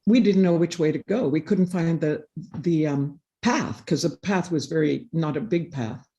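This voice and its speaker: A woman's voice: low voice, normal speed, dark tone, highs cut off. A woman speaking on a panel, telling a personal story in an earnest, reflective way. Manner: earnest, reflective, acts out quoted dialogue. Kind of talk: personal storytelling in a live session.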